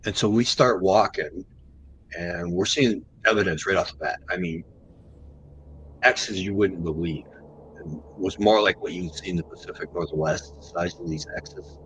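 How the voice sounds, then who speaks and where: Man, deep low voice, podcast guest, animated storyteller, drawn-out pauses at tense parts. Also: a little hiss or hum, poor audio. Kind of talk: recounting an encounter story.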